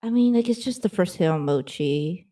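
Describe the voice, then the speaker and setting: A woman's voice: on the low side, animated, normal speed, mellow. A woman playing a tabletop game, asking about the rules in a chatty, hesitant way with many fillers. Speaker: player.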